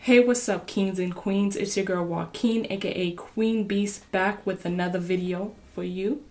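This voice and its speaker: Slow-talking woman hosting an eating show. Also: medium pitch, steady tone, a little mellow. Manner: unhurried and chatty, with pauses to taste and murmur. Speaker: mukbang host. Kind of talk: casual eating-show chat to camera.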